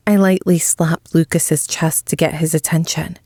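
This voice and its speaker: A woman narrates a story in the first person, reading slowly and with measured emotion. Her voice is low and the recording is dry, close and free of room sound. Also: little pitch movement, dark tone, no room sound. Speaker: audiobook narrator.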